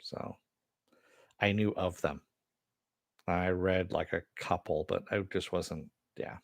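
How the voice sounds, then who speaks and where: A man's voice: low voice, steady tone, takes it slowly, vocal fry, dry recording, studio quality. An American man hosting a casual live stream, rambling and reading viewer comments aloud. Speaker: host.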